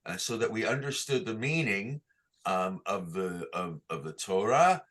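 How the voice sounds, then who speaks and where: A man's voice: on the low side, animated, a little slow, fairly bright tone. A man teaching Torah cantillation online, patiently explaining each sign and singing short chant examples for the class to repeat.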